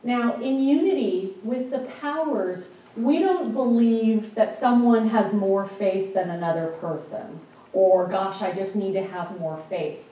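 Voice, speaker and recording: A woman minister giving a sermon, retelling scripture stories in a lively, storytelling way. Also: medium pitch, unhurried. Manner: storytelling, lively with quoted lines. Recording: echoey hall, speaker far from mic.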